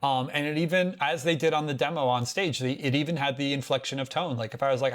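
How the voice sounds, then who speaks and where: An American man co-hosting a casual tech podcast, telling stories in an animated way and often restarting his sentences. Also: a little high, fairly quick, hardly any pauses. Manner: animated storytelling with frequent restarts. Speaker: podcast co-host.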